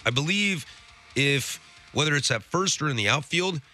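A man's voice: fairly high pitch, animated, moderate pace, pushed and bright, faint music behind. A man hosting a sports radio show from a studio, teasing his co-host in casual banter. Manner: sarcastic, teasing. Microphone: studio mic.

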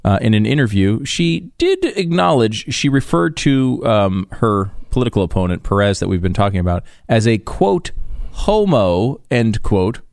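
Gravelly man making sarcastic quips. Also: lowish voice, normal speed, few pauses, a little mellow, no echo, clean studio sound. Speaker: podcast co-host. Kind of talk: casual comedic news chat.

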